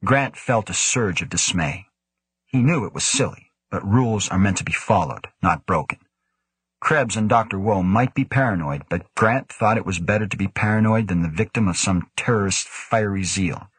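Deep, husky male audiobook narrator. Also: animated, moderate pace, fairly bright tone, dry recording. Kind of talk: scripted narration.

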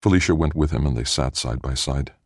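A man narrating an audiobook in a measured storytelling manner. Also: a bass voice, no room sound, studio quality.

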